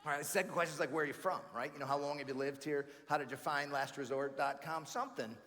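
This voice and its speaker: Energetic stand-up man in a big hall. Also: fairly high pitch, fast talker. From New York. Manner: energetic, chatty, calls the crowd friends and man. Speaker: comedian and keynote speaker. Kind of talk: stand-up comedy at a banquet. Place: large banquet hall. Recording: live hall reverb with faint room noise.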